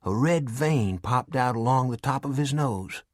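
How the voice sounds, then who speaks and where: A man reading an audiobook in an even storytelling manner. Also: mid-range voice, unhurried, no echo, clean studio sound. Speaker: audiobook narrator. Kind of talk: scripted narration.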